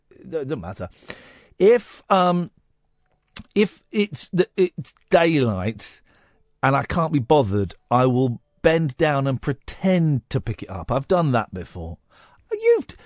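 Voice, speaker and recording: A man hosting a radio phone-in, telling a rambling story in an animated way, in a studio at a studio mic. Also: medium pitch, dry recording. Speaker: radio host. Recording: dry studio sound.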